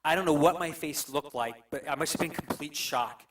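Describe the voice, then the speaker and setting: A middle-aged male pastor tells a story on a church panel. He pauses and restarts often and sounds emotional. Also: a little high, distant mic, rough recording. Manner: halting, emotional, many restarts.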